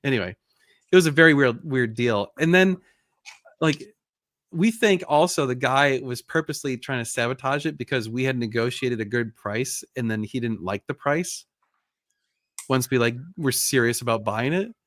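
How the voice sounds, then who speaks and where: A man hosting a casual live chat, telling a story with lively bursts and frustrated sighs. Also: mid-range voice, moderate pace, no echo, clean studio sound. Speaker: host.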